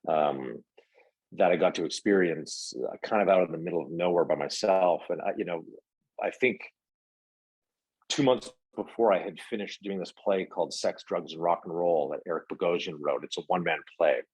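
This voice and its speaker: A man's voice: sits low, moderate pace, darkish tone, slightly rough, dry recording, low-quality recording. A middle-aged man, an actor guest, telling stories in a casual interview with lots of fillers and restarts. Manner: rambling, many fillers and restarts.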